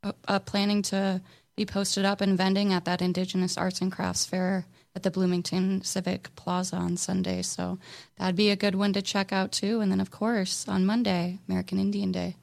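A woman co-hosts a community radio show and reads out event announcements in a loose, easygoing way. Her voice has a gravelly edge of fry and she leans on fillers as she goes. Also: mid-range voice, normal speed. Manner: relaxed, with many fillers. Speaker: radio co-host. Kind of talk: casual radio chat with announcements.

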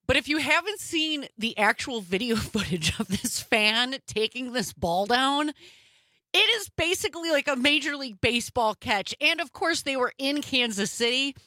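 A woman radio host in a studio talks in a lively, chatty way. Her voice is bright and a little high, with a dry, close sound. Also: moderate pace, no echo. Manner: chatty, animated storyteller. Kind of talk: casual talk radio.

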